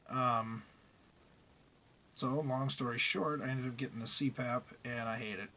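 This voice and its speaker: A man's voice: mid-range voice, steady tone, unhurried, pauses often, pushed and bright. A middle-aged man who drives trucks, talking casually and bluntly in a vlog and grumbling about his frustrations.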